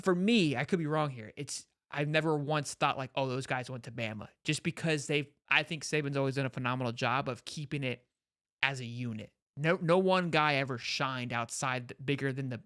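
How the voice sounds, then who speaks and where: A man's voice: medium pitch, moderate pace, pushed and bright, no echo, clean studio sound. A man hosting a casual sports talk show, rambling and laughing easily. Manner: rambling, laughs easily, says bro and dude. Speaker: sports podcast host.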